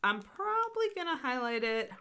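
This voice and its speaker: A woman's voice: high voice, big pitch swings, moderate pace, bright, forceful tone, clear, resonant tone. A middle-aged woman hosting a live miniature painting tutorial, chatty and self-deprecating, talking through her steps with scattered asides. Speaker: host.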